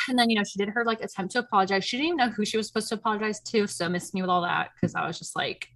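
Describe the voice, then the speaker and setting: Here is a young woman with a bright, crisp voice chatting casually as a podcast host. She tells her stories with lively energy, leans on "like" constantly and keeps breaking into laughter. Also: medium pitch, very fast. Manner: animated storyteller, heavy on "like", laughs often. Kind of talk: casual chat recapping a reality show.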